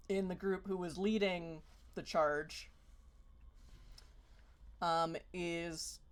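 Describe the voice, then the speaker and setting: A woman narrating as game master of a tabletop role-playing game, rambling with many fillers and restarts. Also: medium pitch.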